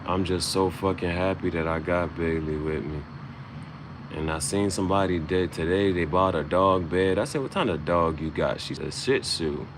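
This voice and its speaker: A man's voice: low voice, normal speed, noisy background. A man freestyling a loose, swaggering, profane rhyming monologue as host.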